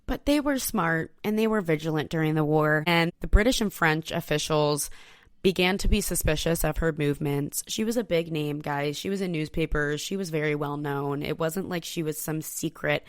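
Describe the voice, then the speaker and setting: A woman hosting a podcast, telling a history story in a casual, profane, animated way and talking straight to her listeners. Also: deep voice, moderate pace, clear, resonant tone, dry recording, studio quality. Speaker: podcast host.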